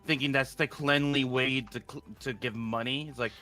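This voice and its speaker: A man's voice: mid-range voice, fairly even intonation, normal speed, sharp tone, faint music behind. A man chatting casually on a stream, chiming in to explain a point. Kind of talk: casual chat.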